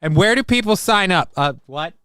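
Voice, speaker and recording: A man's voice: sits high, expressive, moderate pace, bright, forceful tone, a little hiss or hum. A man hosting a casual live-stream show, reading chat messages aloud and riffing on them in a crude, joking, rambling way.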